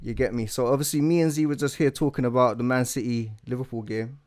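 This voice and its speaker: A man's voice: mid-range voice, fairly even intonation, fast talker, darkish tone. A man hosts a casual podcast. He talks in a laid-back way, uses plenty of slang and often breaks into laughter. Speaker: podcast host.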